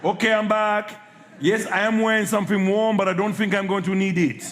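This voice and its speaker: A man voicing a harried French medieval woman warrior chatting on the phone to her mum, in a much higher voice. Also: flat delivery, brisk, background noise, close to an everyday voice. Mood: flustered. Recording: reverberant live venue recording.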